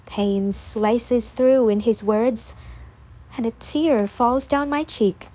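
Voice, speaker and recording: A woman narrating a first-person audiobook in a calm, measured reading voice. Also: on the high side.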